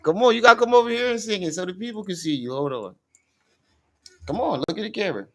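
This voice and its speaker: A man's voice: high voice, animated, quick pace. A man hosting a livestream, reacting in a casual, joking and emotional way. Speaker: host.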